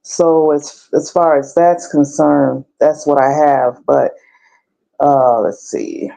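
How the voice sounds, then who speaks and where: Gravelly, mellow-voiced woman guest. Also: sits low, fairly even intonation, slow pace, poor audio. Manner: conversational, explaining her research. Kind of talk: casual discussion.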